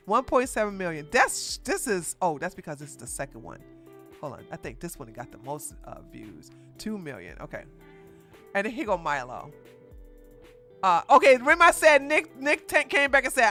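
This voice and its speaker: A woman giving casual reaction commentary as a streamer, animated and laughing often as she reads posts aloud. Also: mid-range voice, moderate pace, soft background music.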